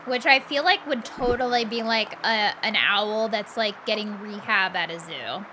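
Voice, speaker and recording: A woman's voice: mid-range voice, normal speed, pushed and bright, a little hiss or hum. A young woman chatting casually and playfully as she plays a game on a live stream, laughing often.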